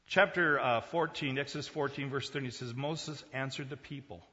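A man's voice: fairly high pitch, normal speed, highs cut off. Man preaching in an echoing hall. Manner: swings from quiet to loud, emphatic preaching. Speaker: pastor. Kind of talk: sermon.

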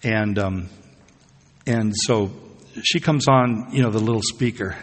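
A man's voice: medium pitch, normal speed, fairly bright tone, husky. A man preaching a sermon, telling everyday stories in a chatty way with laughs and asides. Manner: conversational storytelling with laughs and asides. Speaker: pastor. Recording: long hall reverb.

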